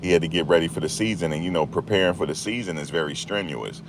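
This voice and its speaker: A man's voice: low voice, quick pace, noisy background. A man hosting a casual commentary monologue, chatty and repetitive, laughing at the story he tells. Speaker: YouTube commentary host.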